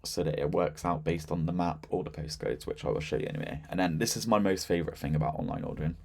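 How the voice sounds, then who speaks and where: A man giving a casual, chatty walkthrough of a software system, with lots of fillers and a relaxed, informal delivery. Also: deep voice, fast talker, vocal fry, breathy edge. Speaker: software demonstrator. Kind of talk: casual screen-share product walkthrough.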